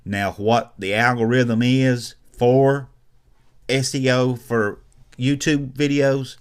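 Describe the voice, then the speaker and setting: A man's voice: mid-range voice, steady tone, slow pace, clean tone. A man talking casually through a screen-recorded tutorial on growing a video channel, loose and conversational, with frequent fillers and restarts. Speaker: YouTube marketing instructor.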